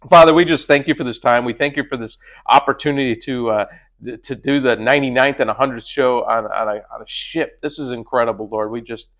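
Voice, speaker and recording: A man's voice: mid-range voice, fairly quick. Man hosting a faith podcast. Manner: chatty, relaxed, leads the prayer. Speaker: podcast host. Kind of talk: casual chat and prayer. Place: cruise ship.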